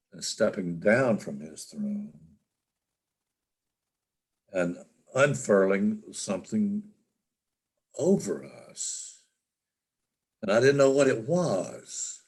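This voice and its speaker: An older man speaks low and deep, unhurried as he tells a personal story over a video call. He stops and restarts often and fills gaps with "uh" and "um". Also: a little mellow, breathy edge. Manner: halting, with frequent restarts and fillers. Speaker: interview guest.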